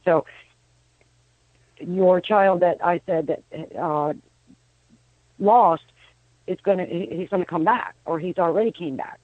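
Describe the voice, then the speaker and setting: A woman's voice: on the low side, slow, long pauses, dry recording. A woman in her fifties, a psychic medium guest, telling rambling stories on a radio phone-in, often restarting her sentences. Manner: rambling storyteller, frequent restarts. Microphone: telephone. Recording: tinny phone line.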